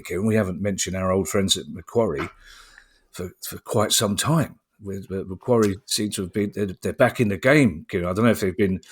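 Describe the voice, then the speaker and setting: Low-voiced man hosting with curious questions. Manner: curious and joking, prompts with questions. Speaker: podcast host. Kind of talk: casual podcast chat.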